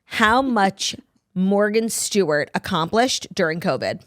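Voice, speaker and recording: A woman's voice: mid-range voice, expressive, unhurried, no echo, clean studio sound. A woman in her thirties co-hosting a podcast, chatting casually and gossiping with many "like" fillers. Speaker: podcast co-host. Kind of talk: casual chat.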